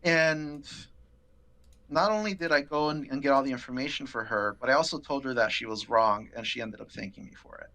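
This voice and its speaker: A man telling a workplace story in a casual interview, animated and swearing, acting out the people he quotes. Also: mid-range voice, brisk. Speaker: podcast guest.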